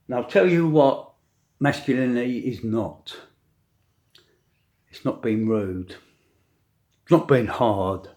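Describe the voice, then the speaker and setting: Older man ranting to camera. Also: medium pitch. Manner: forceful, preachy, with dramatic pauses. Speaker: vlogger. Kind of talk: opinion rant to camera.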